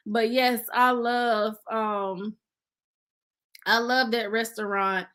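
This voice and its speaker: A chatty woman hosts a casual live stream and reads viewer comments aloud. Her voice sits high and bright. She talks at an unhurried pace, says "y'all" and laughs easily. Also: flat delivery. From Nashville, Tennessee resident. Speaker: livestream host.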